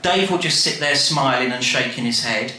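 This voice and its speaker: Bright-voiced man telling a story. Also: mid-range voice, normal speed. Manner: chatty, animated, addresses listener directly. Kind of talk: comic monologue storytelling. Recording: very echoey room, faint noise.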